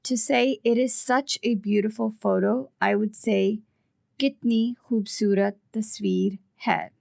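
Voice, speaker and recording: Slow gravelly woman teaching vocabulary. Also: medium pitch, steady tone, darkish tone, dry recording, studio quality. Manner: patient, explains words step by step. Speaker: Urdu language co-host. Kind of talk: podcast language lesson.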